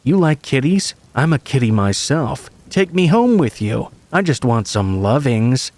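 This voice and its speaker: A man voicing a creepy toothless old man who acts like a cat, in a high-pitched, wheedling voice. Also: sing-song, measured pace, a little mellow.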